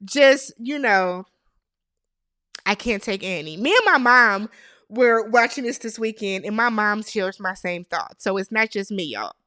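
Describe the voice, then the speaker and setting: A woman's voice: medium pitch, lively intonation, unhurried, sharp tone, no room sound, clean studio sound. A woman hosting a casual, gossipy TV recap, talking straight to her viewers with strong opinions. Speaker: TV show recap host.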